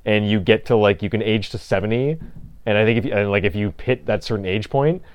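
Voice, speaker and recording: A man's voice: on the low side, fast talker, dry recording. A young man chatting casually about video game news, rambling with lots of fillers and restarts. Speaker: podcast co-host. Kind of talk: casual gaming news chat.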